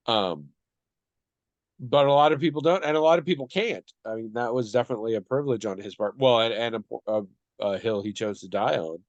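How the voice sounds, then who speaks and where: A man co-hosting a podcast, talking through a question in a thoughtful, measured way. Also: mid-range voice, no room sound. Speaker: podcast co-host. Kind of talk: casual discussion.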